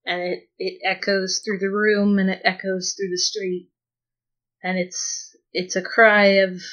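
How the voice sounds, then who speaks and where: A woman playing a tabletop game, describing her character's actions slowly and hesitantly. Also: medium pitch, a bit bright, highs cut off. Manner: slow, hesitant, with restarts. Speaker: player.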